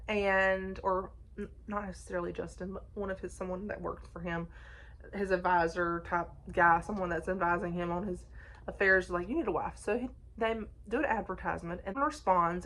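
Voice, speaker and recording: A woman talks casually through her recent reads. Her voice sits a little low, and she rambles, backtracks and restarts her sentences as she goes. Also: a bit bright. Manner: chatty, frequent restarts and fillers, laughs often. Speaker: book reviewer. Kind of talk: casual book review chat.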